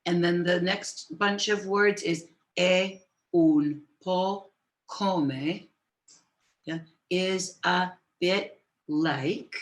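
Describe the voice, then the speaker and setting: A woman teaching Italian on a live stream, switching between Italian and English, greeting viewers and dictating phrases slowly. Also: lowish voice. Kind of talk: live-streamed language lesson. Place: home office with computers.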